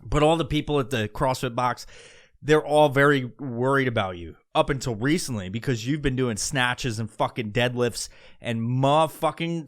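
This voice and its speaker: A man doing a profane, rambling comedic rant as a podcast host. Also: medium pitch.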